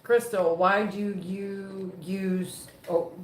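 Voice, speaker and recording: A woman's voice: mid-range voice, steady tone, drawn-out words, slight background noise. A woman hosting a casual home livestream, chatting easily with viewers while baking. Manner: chatty, easygoing talk to viewers. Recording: echoey room.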